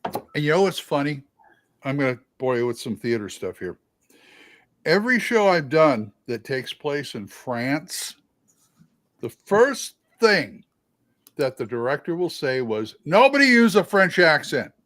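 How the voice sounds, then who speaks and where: A man's voice: mid-range voice, big pitch swings, measured pace, long pauses, fairly bright tone. A man co-hosting a livestream, telling rambling anecdotes in casual chat with many fillers. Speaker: livestream co-host and theater actor.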